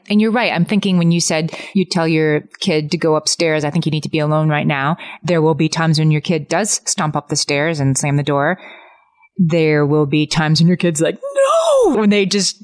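A woman's voice: low voice, fairly even intonation, moderate pace. A woman co-hosting a podcast, explaining parenting advice in a casual, talky way. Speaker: podcast co-host.

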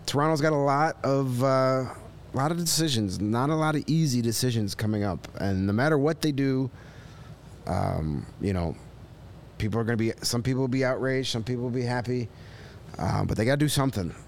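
A man co-hosting a sports podcast, talking in a measured way with frequent filler pauses. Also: mid-range voice, slight background noise. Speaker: podcast co-host. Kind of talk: casual sports chat.

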